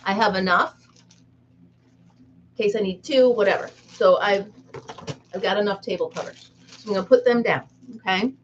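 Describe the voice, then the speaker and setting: A woman hosts a relaxed live chat from a room at home. She talks in a chatty, giggly way and pokes fun at herself. The recording is a little dull and lo-fi, with a faint hiss underneath. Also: mid-range voice, moderate pace, long pauses. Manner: giggly, chatty, self-mocking. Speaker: live-stream host. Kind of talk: casual live chat with viewers.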